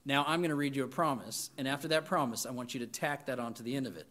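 A man's voice: mid-range voice, quick pace, few pauses, fairly bright tone. A man preaching a sermon to students, reading scripture with emphatic lists and chatty asides. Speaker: pastor.

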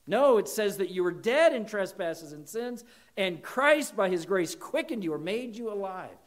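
A man preaching a sermon, earnest, reading scripture aloud and rising for emphasis. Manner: earnest, rises in pitch and volume for emphasis.

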